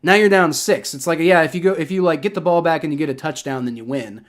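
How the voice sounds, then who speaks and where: A man from Ohio with a Southern accent, giving excitable, rambling live play-by-play reaction commentary on a football game and swearing when frustrated. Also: on the high side, fast talker. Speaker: livestream sports reaction host.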